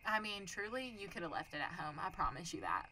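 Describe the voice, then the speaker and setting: A woman's voice: lowish voice, quick pace, crowd noise, low-quality recording. A young adult woman co-hosting a podcast, telling a story in casual, profane chat and acting out the people in it. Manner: animated, profane, acts out voices in her story. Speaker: podcast co-host.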